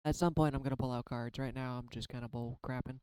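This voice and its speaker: Man in his thirties, tired, rambling and candid, swears casually, smooth clear voice, dry close sound. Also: mid-range voice, fairly even intonation, quick pace, darkish tone, dry recording, rough recording. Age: 30s. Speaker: tarot reader and artist. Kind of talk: casual spiritual vlog.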